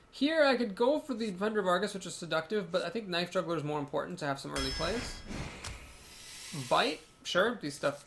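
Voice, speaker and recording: A chatty man with a slightly high, gravelly voice thinks aloud through his card game, joking at his own expense. His desk mic picks up a steady hiss and mouse clicks behind him. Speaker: game video host. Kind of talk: casual gameplay commentary.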